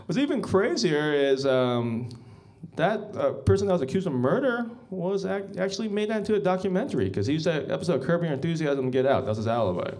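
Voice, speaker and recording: A male comedian with a fairly high voice that swings widely up and down, rambling through a stand-up set as the emcee. He mocks himself and chuckles at his own lines. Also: big pitch swings, fairly quick, darkish tone. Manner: rambling, self-mocking, with chuckling asides.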